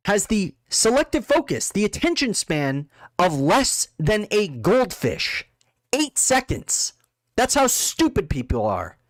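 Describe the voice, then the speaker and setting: Guy ranting mad, pitch all over the place, dry sound. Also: no room sound. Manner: angry, contemptuous, insulting. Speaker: political commentator. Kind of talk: ranting monologue.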